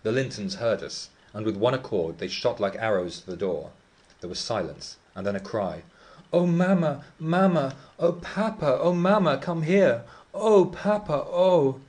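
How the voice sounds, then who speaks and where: A man with a low-pitched voice reads as Heathcliff, a brooding, defiant teenage boy, telling his tale scornfully and vehemently at a moderate pace.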